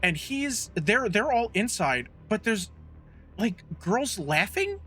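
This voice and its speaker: A man's voice: high voice, very animated, slow, pushed and bright, husky. A man co-hosting a podcast in casual chat, rambling and profane, ranting with disbelief. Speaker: podcast co-host.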